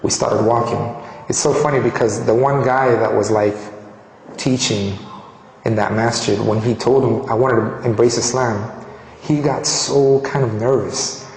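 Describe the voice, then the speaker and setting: A man from Colombia giving a personal testimony, animated and restarting phrases as he tells his story. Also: mid-range voice, measured pace, a little hiss or hum. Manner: animated, acts out quoted dialogue, frequent restarts. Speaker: speaker sharing his conversion story. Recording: echoey hall reverb.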